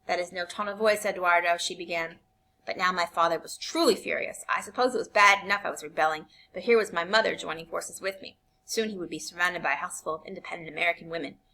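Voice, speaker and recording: A woman reading a novel aloud in an expressive way, shifting between quiet and intense passages. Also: on the low side, fast. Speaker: reader.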